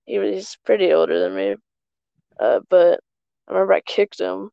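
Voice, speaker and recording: Casual podcast host, woman, gravelly mid-pitched voice, dry close sound, phone call. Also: steady tone, moderate pace, dark tone, dry recording. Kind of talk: casual chat. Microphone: phone on a group call.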